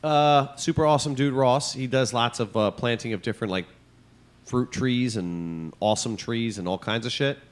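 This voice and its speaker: A man's voice: medium pitch, normal speed. Foul-mouthed rambling male podcast host. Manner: profane, rambling storyteller. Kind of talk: casual comedic chat.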